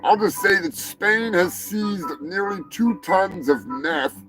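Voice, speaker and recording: A man hosts a comedy news segment in a crude, sarcastic rant, dropping swear words as he goes. His voice sits a little high and he takes his time over each line. Music plays clearly underneath him. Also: animated, slow. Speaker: show host.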